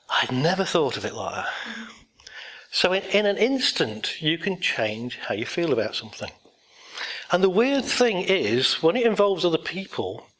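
A man's voice: fairly high pitch, fairly bright tone. A man giving a motivational talk to an audience, blunt and rambling, telling anecdotes with self-deprecating laughs.

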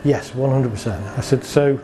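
In a casual conversation about his work, a therapist relates client stories, acting out each side and asking rhetorical questions. His voice is medium in pitch and dark in tone, at a moderate pace. Slight background noise is present.

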